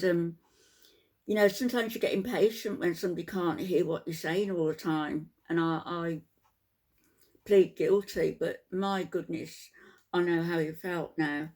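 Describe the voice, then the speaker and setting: Worn out from a night without sleep, an older woman speaks quietly to her viewers in a casual vlog, hesitating often and saying "um" a lot. Her voice is lowish.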